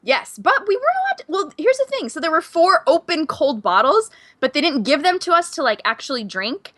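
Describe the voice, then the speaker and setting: An excitable woman with a fairly high voice tells a story on a podcast, gushing as she goes. She speaks casually and is recorded close and dry. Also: a little fast, dry recording. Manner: gushing, excitable storyteller who acts out quotes. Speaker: podcast co-host. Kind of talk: casual chat, telling an anecdote.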